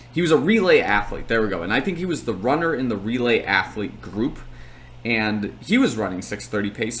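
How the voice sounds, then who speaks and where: A man's voice: fairly low pitch, a bit bright, slight background noise. A young man talking casually and at length, with plenty of fillers, as he recaps his race on his channel. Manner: chatty, rambling, lots of fillers.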